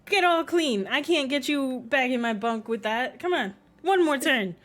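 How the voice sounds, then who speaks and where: A woman's voice: animated, normal speed. A woman voicing a young male Southern student coaxing his pet gator, in a put-on Southern accent. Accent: American Southern. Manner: coaxing, high and loud.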